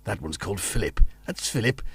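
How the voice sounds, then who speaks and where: A man's voice: fairly low pitch, expressive, a little fast, creaky, a bit bright, husky, dry recording. A man with a Liverpool-tinged British accent, full of cold, chatting and rambling on a casual live stream from his home studio. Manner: chatty, rambling, self-mocking. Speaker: livestream host.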